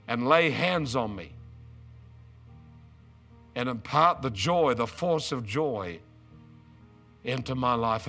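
Older man, preacher, storytelling sermon, lively swings from soft to loud, bright tone, faint music behind. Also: medium pitch. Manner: animated storyteller, swings from quiet asides to loud excited outbursts.

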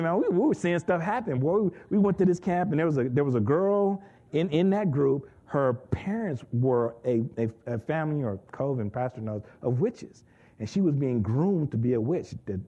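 A man giving an excitable testimony in church, laughing often and repeating his words as he tells the story. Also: medium pitch, highs cut off.

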